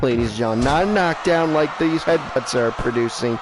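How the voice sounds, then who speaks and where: A man serving as ring announcer and commentator drags out the fighter introductions, then calls the action in a chatty, fast-talking manner. His voice is mid-range, and background noise is audible.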